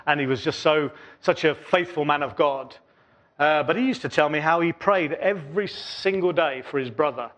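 A pastor preaching a sermon in church, in an earnest voice with a repetitive cadence, often dropping softer between phrases. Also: male voice, fairly high pitch, moderate pace.

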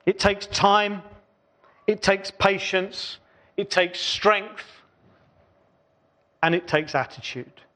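Higher-voiced man preaching earnestly. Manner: earnest, repetitive preaching cadence with quiet pauses. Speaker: pastor. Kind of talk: sermon. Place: church.

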